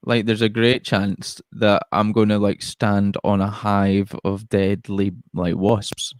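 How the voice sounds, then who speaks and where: A man's voice: fairly low pitch, little pitch movement, slow pace, no echo, clean studio sound. A man hosting a podcast in casual chat, joking, swearing and laughing often. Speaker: podcast host.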